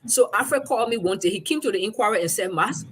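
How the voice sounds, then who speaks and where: Her voice mid-range and slightly rough, a woman journalist guest talks at a quick pace with a Liberian English accent. She tells a story in conversation with animation, acting out quoted speech.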